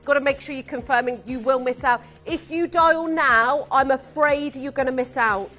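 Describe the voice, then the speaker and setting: A woman presenting live on a shopping channel, gushing with excitement and rattling off buyers' names as she pitches. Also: normal speed, soft background music.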